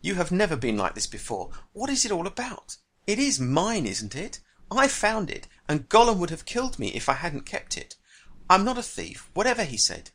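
A man voicing a fretful, possessive old male hobbit, pleading in an agitated, high voice. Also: big pitch swings, unhurried, creaky, pushed and bright, exaggerated voice.

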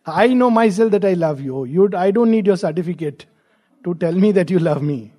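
A man puts on a patient, loving mother, firm but tender, in a raised yet mellow voice. She speaks with calm assurance inside a spiritual talk. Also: sits high, moderate pace. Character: patient loving mother scolding her child.

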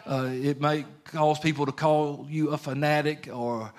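A man's voice: on the high side, steady tone, a little slow. A man preaching a sermon in an earnest, conversational way, using plain everyday grammar.

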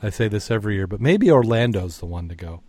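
A man co-hosting a relaxed podcast chat, his voice close and dry with no room sound. He stumbles and doubles back over his words, then lands corny puns and laughs at them himself. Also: fairly low pitch, no echo. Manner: halting, repeats words, chuckles at his own puns. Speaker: podcast co-host. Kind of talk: casual chat with corny jokes.

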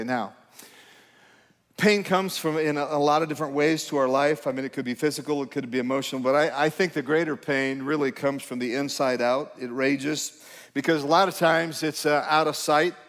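A male pastor delivers a sermon to his congregation in a church sanctuary, preaching in a conversational yet emphatic way. His voice sits on the high side, followed by a long reverb tail.

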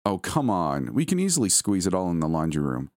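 Brief: man doing a meek husband, low voice, hesitant and defensive, dry sound. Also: wildly swooping pitch, brisk, darkish tone, dry recording, full character voice. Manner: stammering, defensive. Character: awkward quirky young husband, meek.

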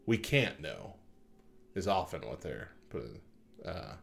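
A man with a somewhat low voice co-hosts a casual podcast chat. He reads numbers from a list, pausing often on "uh", then breaks off into relaxed comments of his own. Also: vocal fry. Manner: reads figures from a list with frequent "uh" pauses, then comments informally. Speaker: podcast co-host. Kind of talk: casual podcast chat, reading statistics aloud.

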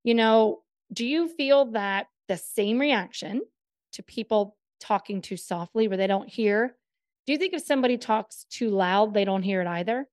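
A woman's voice: medium pitch, no echo. A woman with a mid-range voice asks her co-host curious follow-up questions in a chatty, upbeat manner. The sound is dry and close, with no room around it. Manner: curious, chatty, quick to laugh. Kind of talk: casual advice chat.

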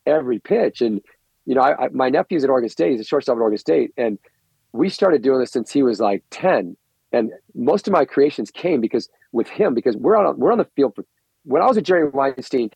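A middle-aged man, a coaching guest on a podcast, telling stories in an excitable, rambling way and often repeating words. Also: medium pitch, fast talker, gravelly, slightly rough, no echo. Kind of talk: animated storytelling interview. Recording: dull, lo-fi, dry recording.

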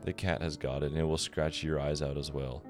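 A man's voice: very deep voice, flat delivery, fairly quick, over music. A man reading the lines of an angry, jealous old enchantress woman in a storybook tale, scolding and mocking.

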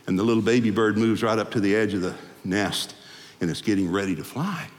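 A man preaching a sermon to his congregation, animated, with sudden swings in pitch and loudness as he acts out the people he quotes. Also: fairly quick. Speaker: pastor. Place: church sanctuary. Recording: long hall reverb.

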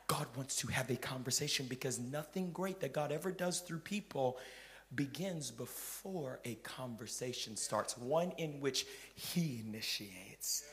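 A man preaching a sermon in a church hall, swinging between loud outbursts and hushed whispers. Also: medium pitch, lively intonation, measured pace. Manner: dynamic, swinging from shouts to whispers. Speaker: pastor. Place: church hall with a live audience.

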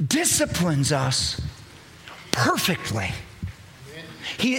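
A man's voice: sits high, a bit bright. A middle-aged male pastor preaching a sermon, telling a personal story with frequent restarts and building intensity.

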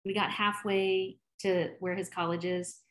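A woman's voice: medium pitch, little pitch movement, a little slow. Woman, middle-aged, podcast guest, candid storytelling, chatty, laughs often. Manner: frank, chatty, laughs easily.

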